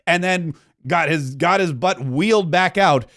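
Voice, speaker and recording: A man's voice: on the high side, a little slow, a bit bright. A man from Florida hosting a political commentary podcast, riffing with mocking asides. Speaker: podcast host.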